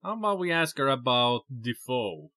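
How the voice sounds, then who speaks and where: A man's voice: medium pitch, big pitch swings, moderate pace, sharp tone, dry recording, studio quality. A man hosting a let's play, thinking aloud with many fillers in casual commentary.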